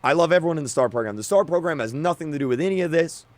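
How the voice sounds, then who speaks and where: A man's voice: fairly high pitch, animated, racing, no room sound. Stammering, frustrated young man ranting. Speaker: game creator. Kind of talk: on-camera rant.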